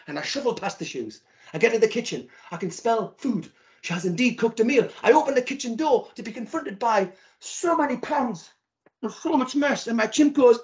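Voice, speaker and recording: Male keynote speaker, animated comic storyteller with a lively voice, on a video call. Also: extremely high pitch, moderate pace. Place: virtual event.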